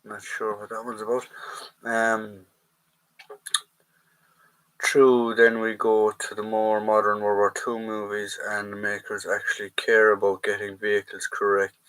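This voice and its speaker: An Irish man hosting a casual live Q&A, reading viewer comments aloud and answering in a halting way. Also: fairly low pitch, completely flat delivery, a bit bright, clear, resonant tone, no room sound, low-quality recording. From Ireland. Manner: halting, stops to read viewer messages aloud. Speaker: livestream host, military collectibles dealer.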